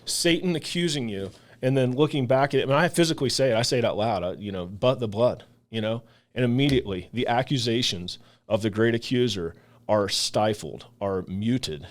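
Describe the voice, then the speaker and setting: A man's voice: medium pitch, a little fast. A man who leads a ministry, talking earnestly in a casual faith discussion and acting out the voices he quotes. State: emotional, voice catching. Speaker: ministry leader and podcast co-host.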